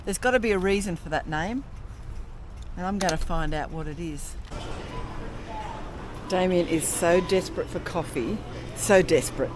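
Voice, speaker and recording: A woman's voice: lowish voice, normal speed, pauses often, over music. A middle-aged Australian woman chatting wryly and bluntly as she films a travel vlog outdoors, swearing casually. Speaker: travel vlogger. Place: outdoors in a town, by motorbikes. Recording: outdoor recording with clear street noise.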